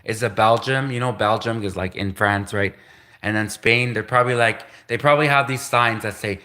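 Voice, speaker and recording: Canadian guy rambling on a livestream, bright voice, keeps giggling and repeating himself. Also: medium pitch, unhurried. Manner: rambling, repetitive, giggly asides. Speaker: livestream host. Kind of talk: rambling solo livestream monologue.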